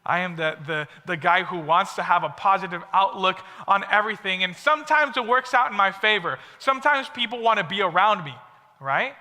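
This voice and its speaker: A man's voice: sits high, pushed and bright. A young man giving a chatty, upbeat storytelling sermon to a youth audience. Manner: upbeat and chatty, many asides. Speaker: speaker at a youth service. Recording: long reverb of a big hall.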